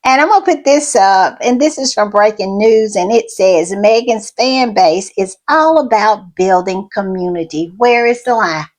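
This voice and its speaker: A woman hosting a fan commentary channel, gushing excitedly and repeating herself, often calling her viewers y'all. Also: mid-range voice, a little slow, few pauses.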